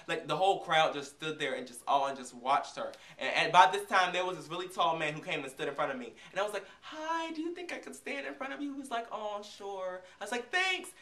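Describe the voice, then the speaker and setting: A man's voice: on the high side, sharp tone. A man hosting a vlog, telling a concert story in a sassy, dramatic way with sudden shrieks. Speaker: vlog host reviewing a concert. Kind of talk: casual chat. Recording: voice a bit far from the mic.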